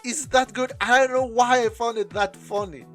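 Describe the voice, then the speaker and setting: A woman's voice: on the high side, fairly even intonation, moderate pace, soft background music. A woman hosting an anime reaction, talking casually in non-native English and often breaking into laughter.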